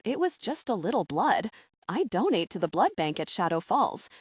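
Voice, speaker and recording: A woman's voice: mid-range voice, big pitch swings, moderate pace, husky, no room sound, studio quality. A woman voicing a charming young French man with a French accent in an audiobook. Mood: polite. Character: young French male doctor, polite and charming.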